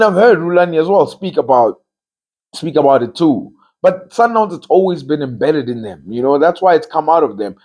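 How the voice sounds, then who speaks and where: A man hosting a football talk show, his voice slightly high and husky. He argues his opinions casually but emphatically, repeating key phrases for force. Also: darkish tone.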